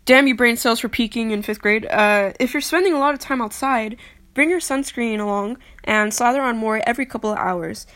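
A woman's voice: fairly high pitch, a little fast, a bit bright. Chatty young woman stumbling through a reading. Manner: chatty, self-deprecating, stumbles over reading. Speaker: vlogger. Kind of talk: casual chat, reading aloud.

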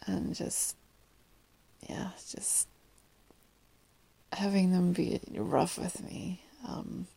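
A young woman with a groggy morning voice, talking in a hushed, halting whisper into a close mic, with many pauses and soft laughs. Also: on the low side, fairly even intonation, creaky, breathy edge. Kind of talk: whispered intimate monologue.

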